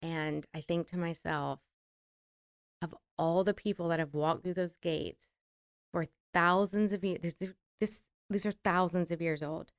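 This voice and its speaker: A woman's voice: on the low side, fairly even intonation, measured pace, dry recording, clean studio sound. A middle-aged woman with a rural American accent, co-hosting a podcast in casual, reflective chat that rambles and breaks into laughs. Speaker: podcast co-host.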